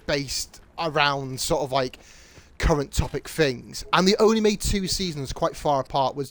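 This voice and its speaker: Rambling British man full of fillers. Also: fairly high pitch. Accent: British English. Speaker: streamer. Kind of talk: casual chat while gaming.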